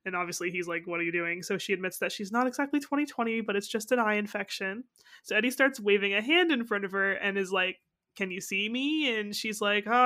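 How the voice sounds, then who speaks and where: A woman's voice: mid-range voice, a bit bright. A young woman co-hosting a casual podcast, recapping an episode with frequent laughs and quoted asides. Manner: giggly, recaps scenes with quick quoted asides. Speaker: podcast co-host.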